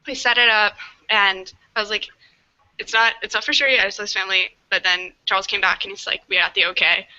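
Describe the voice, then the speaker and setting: A woman's voice: medium pitch, pushed and bright, highs cut off. A woman telling a story in a casual podcast chat, full of "like" and quoted speech. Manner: chatty storyteller, many "like"s, quotes others. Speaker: volunteer guardian recounting a story.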